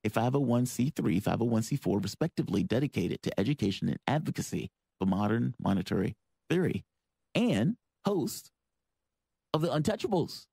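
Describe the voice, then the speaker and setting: A man's voice: medium pitch, big pitch swings, moderate pace, gravelly, dark tone, slightly rough, no room sound. A man hosting a radio interview show, chatting casually and rambling a little with fillers.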